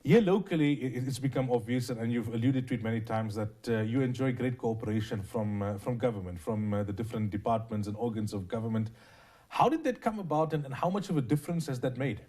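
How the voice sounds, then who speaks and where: A man hosting a talk show, asking questions haltingly. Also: medium pitch, mellow. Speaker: radio show host. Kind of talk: interview questions.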